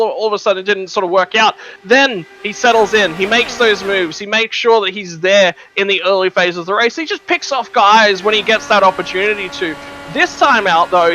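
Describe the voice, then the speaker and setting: A man's voice: high-pitched, bright, forceful tone, slight background noise, poor audio. Chatty man commentating races. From Australia. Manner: chatty, filler-heavy with "look" and "you know". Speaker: color commentator. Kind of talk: sim racing commentary.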